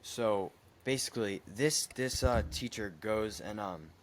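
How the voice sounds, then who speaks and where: A young man chatting on a podcast, telling a story in a heated, animated way with some swearing. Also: fairly low pitch, a little slow, a little hiss or hum. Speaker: podcast co-host. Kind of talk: casual podcast chat.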